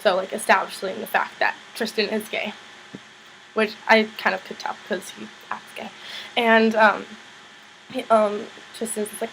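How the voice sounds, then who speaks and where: Unhurried and flat, with vocal fry and a fairly bright tone, a young woman vlogger recaps a TV episode, saying "like" often and voicing the characters higher as she goes. The rough recording has a little hiss or hum.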